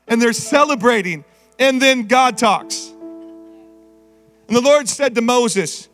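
A man preaching an animated sermon as pastor, rising to shouts and sung phrases. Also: very high-pitched, slow pace, pauses often, soft background music.

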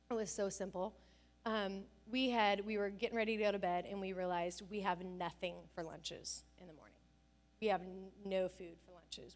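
A woman pastor preaching a conversational sermon, telling stories with self-deprecating humor. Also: fairly low pitch.

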